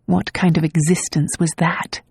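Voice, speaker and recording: A woman narrating a romance novel audiobook in a calm, measured way. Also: low-pitched, breathy edge, dry recording, studio quality. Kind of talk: scripted narration.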